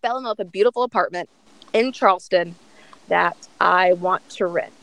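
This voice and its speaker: A woman's voice: lowish voice, normal speed, vocal fry, fairly bright tone, no echo, low-quality recording. A young woman co-hosting a podcast from home in a chatty, frank, laughing way. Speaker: podcast co-host. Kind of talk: casual chat.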